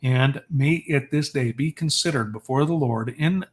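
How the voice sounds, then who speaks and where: A solemn aged patriarch speaks formal, old-fashioned words of dedication, read by a man. The man uses his own mid-pitched reading voice. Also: normal speed, breathy edge, natural voice.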